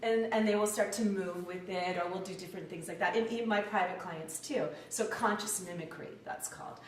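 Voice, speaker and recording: A woman, an acting professor and dialect coach, giving an animated lecture and demonstrating sounds aloud. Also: mid-range voice, brisk, distant mic, slight background noise. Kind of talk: lecture talk. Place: lecture room, indoors. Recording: echoey room, picked up from afar.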